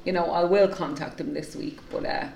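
A woman's voice: on the low side, fairly even intonation, a little fast, gravelly, a little mellow, slight background noise. A woman, talking frankly and emotionally as a podcast co-host, swearing freely. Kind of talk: candid casual chat. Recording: roomy echoey room.

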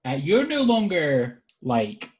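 A man narrating a tabletop game as dungeon master over a video call, with a casual, halting delivery full of fillers. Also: fairly high pitch, huge pitch swings, breathy edge.

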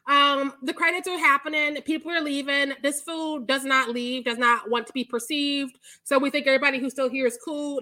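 Bright, high-voiced woman telling a story. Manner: animated, profane storytelling with laughs. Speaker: podcast co-host. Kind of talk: casual chat.

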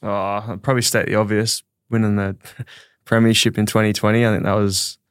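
A man, a rugby league player guest, speaking in a relaxed, reflective way. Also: lowish voice, brisk, smooth, no room sound, clean studio sound. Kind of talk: casual chat.

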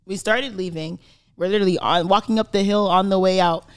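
A woman's voice: mid-range voice, a little fast, clear, resonant tone. A young woman co-hosting a podcast, telling stories in casual chat, full of "like"s and swearing freely. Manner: animated storytelling, swears freely, many "like"s. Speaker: podcast co-host.

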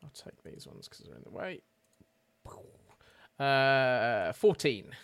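A man's voice: mid-range voice, wildly swooping pitch, slow, gravelly, a bit bright, clean tone. Swearing, joking man playing a tabletop game. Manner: loose, swearing, joking banter. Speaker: player. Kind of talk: casual tabletop game chat.

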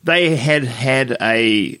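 A man co-hosting a podcast, telling stories in a lively way and acting out the people he quotes. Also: mid-range voice, very slow. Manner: animated storyteller who acts out the people he quotes; laughs often while telling stories. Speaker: podcast co-host. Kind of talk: casual chat.

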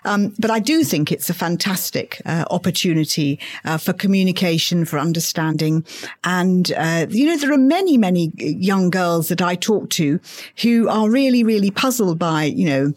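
Middle-aged woman guest, husky-breathy tone, emphatic, keeps a conversational pace in an interview. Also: fairly low pitch, moderate pace. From England. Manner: earnest, animated, emphatic repetitions. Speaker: guest, obstetrician and gynecologist.

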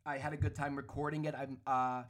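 A man hosting a solo podcast, ranting in an animated, opinionated way with a hoarse, worn-out voice. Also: medium pitch, a little fast. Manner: animated, opinionated, hedging with "allegedly". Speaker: podcast host. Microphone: studio podcast microphone.

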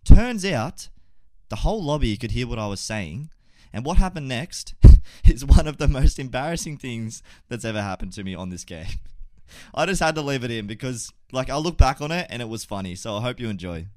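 Young male podcast host, crude and animated storyteller, swinging pitch, close dry sound. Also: fairly quick, no echo. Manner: animated, swearing, laughs mid-sentence. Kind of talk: casual storytelling to gamers.

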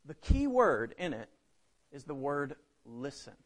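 A man preaching a sermon, swinging between loud emphasis and hushed drops. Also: a little high, big pitch swings, measured pace.

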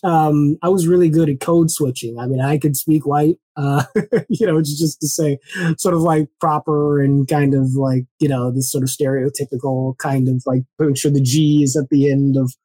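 A man speaking as an interview guest in a reflective, measured way with many fillers. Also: a little high, fairly even intonation, mellow, dry recording. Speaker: guest, former congressional candidate. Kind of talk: reflective conversational storytelling.

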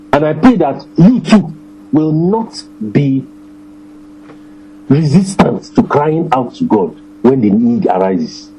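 A man preaching a sermon, his voice mellow and fairly high for a man. He swings his pitch widely, repeating phrases and slowing right down to stress the verses. A faint hum sits underneath. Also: very animated, poor audio. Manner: emphatic preaching, repeats phrases, slows on scripture.

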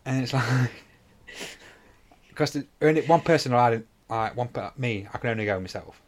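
A man with a mid-range voice and moderate pace co-hosts a podcast. His casual chat is full of meandering stories, heavy swearing, and acted-out dialogue.

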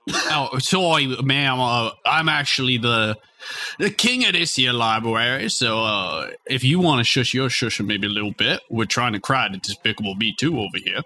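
A man voicing a big, self-important Louisiana gentleman librarian in an improvised comedy bit, with a folksy drawl and a Louisiana accent. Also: mid-range voice, expressive, normal speed. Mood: indignant.

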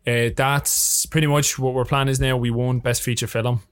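A man's voice: mid-range voice, normal speed, no room sound, studio quality. Irish man telling stories with swearing. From Ireland. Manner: lively, profane storyteller. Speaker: guest filmmaker. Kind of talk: casual podcast chat.

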